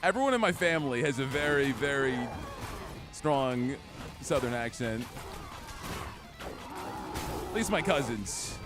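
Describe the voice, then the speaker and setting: A young man commenting excitedly on his gameplay, chatty and trash-talking enemies as he streams. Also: mid-range voice, unhurried, long pauses. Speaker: gaming streamer. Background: game music.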